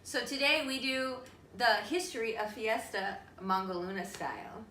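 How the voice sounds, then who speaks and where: Outspoken woman with a bright voice. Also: fairly high pitch, moderate pace. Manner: outspoken, frank, swears. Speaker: podcast co-host. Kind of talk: casual chat. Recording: echoey room with faint noise.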